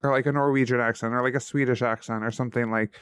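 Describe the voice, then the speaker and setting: A man's voice: medium pitch, fairly even intonation, quick pace, fairly bright tone, clear, resonant tone, no echo, clean studio sound. A man co-hosting a podcast, chatting casually and animatedly about books and shows. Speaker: podcast co-host. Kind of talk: casual chat.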